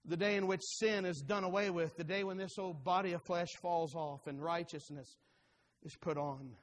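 Man preaching a sermon, fairly high voice, fervent then hushed, long hall reverb. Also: steady tone, normal speed. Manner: rises to fervent urging, then drops low and quiet. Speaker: pastor.

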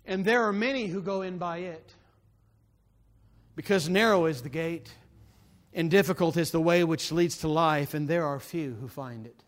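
Male preacher, emphatic sermon delivery, somewhat raised pitch, scripture-quoting. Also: normal speed. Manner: emphatic, rising to impassioned pleading; quotes scripture chapter and verse.

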